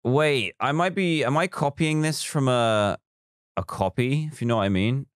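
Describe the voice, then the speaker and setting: A man's voice: medium pitch, moderate pace, dry recording, studio quality. A man live streaming a building game, chatting casually, reading viewer comments aloud and counting blocks as he works.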